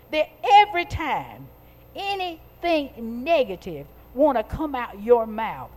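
A woman preaching a sermon to a congregation, talking in call-and-response and building to loud, stretched-out emphatic peaks. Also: on the high side, very animated, slow pace.

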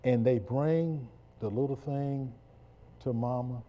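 A man's voice: mid-range voice, takes it slowly, mellow. A man preaching a sermon, leading the congregation in call-and-response.

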